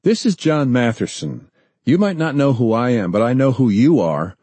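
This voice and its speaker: A man's voice: mid-range voice, animated, moderate pace, no echo, voice pushed up, natural voice. A man reading aloud, voicing a resolute citizen leader who speaks firmly and issues threats. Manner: firm, forceful, threatening.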